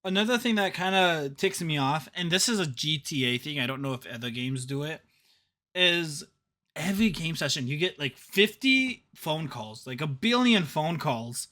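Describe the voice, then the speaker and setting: A man's voice: a little high, expressive, moderate pace, bright, forceful tone. A young man co-hosting a casual gaming podcast, ranting jokingly and laughing often. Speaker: podcast co-host.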